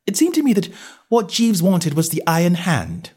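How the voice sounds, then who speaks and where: Husky male storyteller, very lively pitch. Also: normal speed. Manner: jaunty, wry storytelling with varied character voices. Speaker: audiobook narrator. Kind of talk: first-person comic novel reading.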